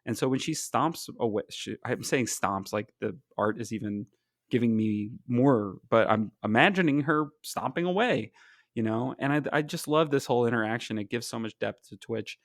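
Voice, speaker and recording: An enthusiastic man co-hosting a podcast, talking about comics in a rambling way full of fillers. His voice sits at a middle pitch. The sound is dry, with no room echo. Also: normal speed. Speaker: podcast co-host.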